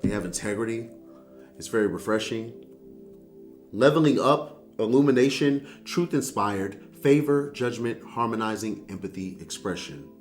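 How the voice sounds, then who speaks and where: A man's voice: fairly low pitch, lively intonation, normal speed, faint music behind. A man giving a casual tarot reading, talking straight to the viewer in a sassy, blunt and profane way. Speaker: tarot reader.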